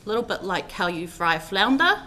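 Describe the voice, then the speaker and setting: A family member speaks at a funeral service, her mid-range voice brisk and sharp-toned with big swings in pitch. She shares personal stories in a rambling, heartfelt tribute packed with fillers, over a slight hiss or hum.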